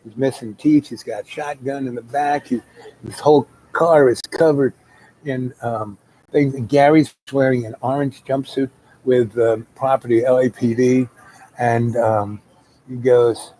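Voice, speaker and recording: A man's voice: medium pitch, steady tone, a little slow, dark tone, a little hiss or hum, rough recording. A man telling a long personal story in a casual, rambling way and coughing now and then. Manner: rambling, with many fillers and restarts.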